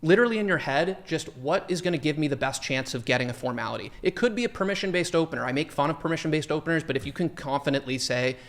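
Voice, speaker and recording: A man giving sales advice in a conversational podcast, animated and acting out sample sales lines. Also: a little high, fast, few pauses. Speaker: sales trainer guest.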